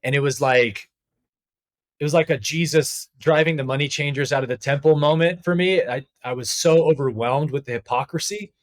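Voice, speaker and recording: Animated man telling a story. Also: a little high, moderate pace. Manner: animated, conversational, with frequent "like" fillers. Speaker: podcast guest, spiritual teacher. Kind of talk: candid storytelling in a podcast interview.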